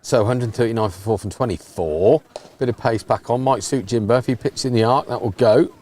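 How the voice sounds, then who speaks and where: Brief: man, mid pitch, casual teasing cricket commentator. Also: fairly quick, a little mellow, a little hiss or hum. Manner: teasing, chatty. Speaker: live stream cricket commentator. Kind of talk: casual live commentary and banter. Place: outdoors at a cricket ground.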